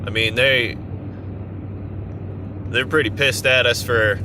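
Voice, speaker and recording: A man's voice: medium pitch, steady tone, slow pace, background noise. A man ranting in an exasperated, sarcastic way in an opinion vlog. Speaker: vlogger. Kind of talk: opinion rant to camera.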